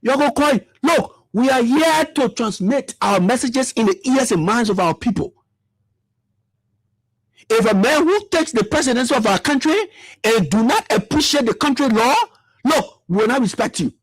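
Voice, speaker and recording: Fiery high-voiced man. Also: lively intonation, normal speed, breathy edge, dry recording. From Liberia. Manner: fiery, repetitive, rhetorical questions. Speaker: political commentator. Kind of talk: impassioned political commentary.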